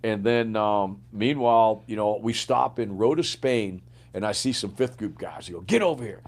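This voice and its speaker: A man's voice: lowish voice, normal speed. Older man telling vivid war stories. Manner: animated storyteller, acts out quoted dialogue, swears freely. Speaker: guest, retired Green Beret sergeant major. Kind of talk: casual storytelling interview.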